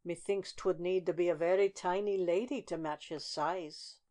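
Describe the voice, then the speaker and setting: A woman's voice: fairly low pitch, fairly even intonation, normal speed, dark tone, close to an everyday voice. A woman voicing a genial, curious king who speaks in a mild, questioning way.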